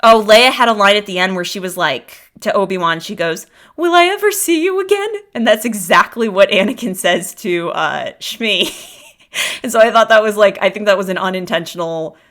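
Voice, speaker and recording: A woman's voice: mid-range voice, normal speed, a bit bright. A young woman hosting a podcast, giving a casual, gushing reaction that rambles and restarts as she thinks aloud. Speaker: podcast host reacting to a show. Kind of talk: casual solo reaction commentary.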